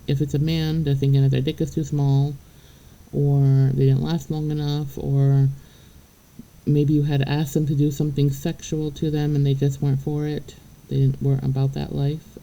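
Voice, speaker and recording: A woman reads tarot for her viewers in a chatty, blunt way, swearing freely and checking in with "okay?" after her points. Her voice is heavily gravelly with fry, and its tone is very dark and mellow. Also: extremely low pitch, monotone, normal speed, rough recording. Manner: chatty, laughs between points. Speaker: tarot reader. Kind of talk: casual spiritual reading to the viewer.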